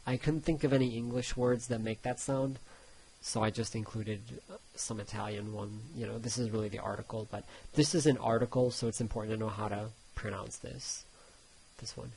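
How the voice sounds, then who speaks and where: A man's voice: mid-range voice, steady tone, normal speed, vocal fry, a little mellow, husky, rough recording. A man tutoring Italian pronunciation, reading each word twice between loose, casual explanations. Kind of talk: pronunciation lesson.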